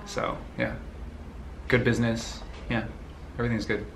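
A young man from the United States answering viewer questions in a relaxed, rambling way, laughing easily. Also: mid-range voice, moderate pace, creaky, a little hiss or hum. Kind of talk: casual Q&A chat.

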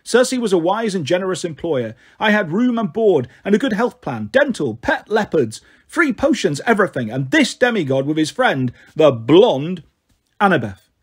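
A man's voice: high-pitched, sing-song, normal speed, breathy edge, full character voice. A man voicing a proud, cold woman warrior queen in a storybook reading, commanding and icy.

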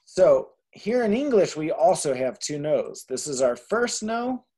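A man's voice: on the high side, very animated, measured pace, dark tone, breathy edge. A man tutoring a Spanish class, explaining grammar patiently in a casual way. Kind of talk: online tutoring session.

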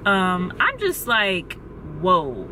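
A young woman vlogging from her car, gasping and exclaiming as she talks quickly and excitedly. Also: medium pitch, background noise. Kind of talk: excited casual vlog. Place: in a parked car. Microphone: phone camera held close.

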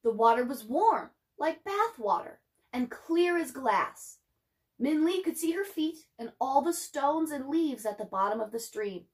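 A woman teacher reading a children's novel aloud to her class in an expressive way, adding chatty asides for her students. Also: sits high, a little slow.

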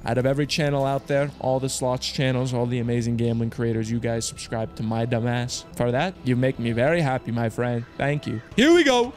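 A man hosting his own channel, commenting excitedly to viewers with slang, swearing and loud outbursts. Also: mid-range voice, a little fast, few pauses, soft background music. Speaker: slots streamer host.

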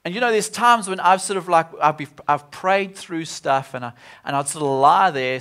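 A man's voice: on the high side, moderate pace, hardly any pauses, fairly bright tone. A man preaching a sermon at a church service, earnest and often repeating himself as he restarts.

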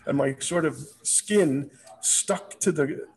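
An older man from New York with a New York accent, a guest telling lively stories in an interview. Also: on the high side, takes it slowly, slightly rough. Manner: animated anecdotes with quoted voices. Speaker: guest, lighting designer. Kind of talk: storytelling interview.

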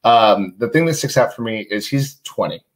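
A man's voice: lowish voice, animated, normal speed. A man talking as a guest on a casual sports podcast, laid-back and loose, with frequent fillers. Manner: laid-back, many fillers and restarts, jokes about his announcer voice.

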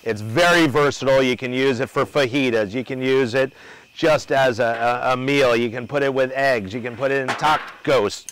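A man's voice: medium pitch, moderate pace, fairly bright tone, a little hiss or hum, poor audio. A man hosting an outdoor cooking demo at a grill, talking loosely and joking with his crew and the viewers. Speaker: cooking show host.

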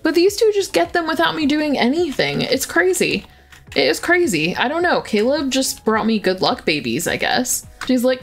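A woman's voice: sits high, sing-song, normal speed, faint music behind. A woman giving casual, chatty commentary as she plays a life-simulation game, fond and talkative, full of filler words. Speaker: gaming YouTuber.

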